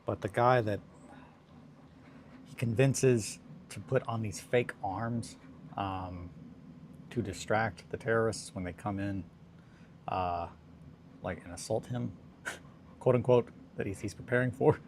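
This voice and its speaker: A man's voice: lowish voice, takes it slowly, long pauses, a little hiss or hum. Rambling laid-back hobby streamer man. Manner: rambling, self-deprecating, laughs often. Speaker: hobby livestream host. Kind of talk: casual chat while crafting.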